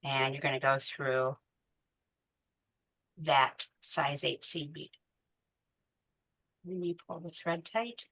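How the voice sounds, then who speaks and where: A woman with a low but bright voice walks a class through a beading pattern. She speaks slowly and counts each bead out loud with patience. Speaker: beading instructor. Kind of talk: step-by-step craft tutorial.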